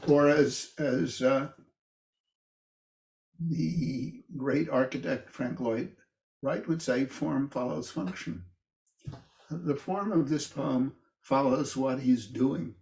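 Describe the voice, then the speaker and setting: An older man with a gravelly, fry-edged voice gives a relaxed classroom talk on a poem. He speaks slowly and halts often, doubling back on his words as he thinks. His voice lifts when he reads lines of verse aloud. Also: echoey room. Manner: thoughtful, halting, with frequent restarts and "uh"s; livelier and higher when reading verse aloud. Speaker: lecturer teaching a poetry class. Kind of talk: informal classroom lecture.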